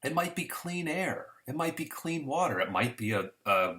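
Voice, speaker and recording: A man's voice: on the high side, sing-song, normal speed, a bit bright. A man teaching an introductory economics lesson in a conversational, storytelling way with homespun examples. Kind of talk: casual recorded lesson.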